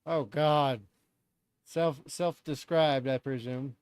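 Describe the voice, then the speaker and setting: A man's voice: mid-range voice, fairly even intonation, slow, clean tone, dry recording, clean studio sound. A man hosting a live stream, reacting in loose, chatty talk and swearing freely.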